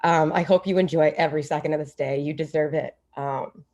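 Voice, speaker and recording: A woman's voice: deep voice, fairly even intonation, brisk, darkish tone, highs cut off. Tearful woman rambling on a video call. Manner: rambling, gushing, many fillers. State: emotional, close to tears. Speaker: former teammate giving a tribute. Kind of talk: unprepared heartfelt speech.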